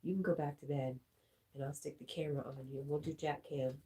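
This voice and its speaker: Hosting a relaxed livestream, a woman reads chat messages out loud, chats with her dog, laughs often and slips into quiet murmurs. Her voice sits low with a breathy edge, steady in tone and a little fast.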